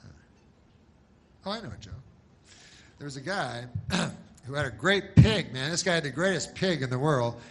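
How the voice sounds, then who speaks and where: A male stand-up comedian telling jokes in a deadpan, rambling way, with many restarts. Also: a little high, normal speed, long pauses.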